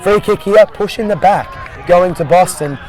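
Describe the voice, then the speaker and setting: Excitable commentator with crowd behind. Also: male voice, high voice, unhurried, soft background music, poor audio. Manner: jokey, excitable, repeats "I'll tell you what". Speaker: play-by-play commentator. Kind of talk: sports commentary. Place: outdoor sports field.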